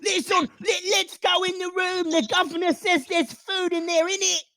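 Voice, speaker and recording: Shrill, greedy rat in a tabletop game, very high-pitched, dry close sound. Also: male voice, moderate pace, gravelly, dry recording, full character voice. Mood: excited. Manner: shrill excited shouting. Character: squeaky cockney male rat leader, greedy.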